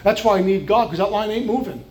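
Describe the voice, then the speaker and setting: A man's voice: high-pitched, animated, fast, a little mellow. A man from New York with a New York accent, giving an earnest personal recovery testimony with flashes of wry humor. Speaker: recovery speaker.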